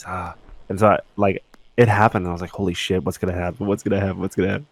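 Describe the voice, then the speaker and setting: Male podcast co-host, relaxed and easygoing, lower voice, dry close mic. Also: racing, no echo. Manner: laid-back, laughs along, short replies. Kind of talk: casual chat.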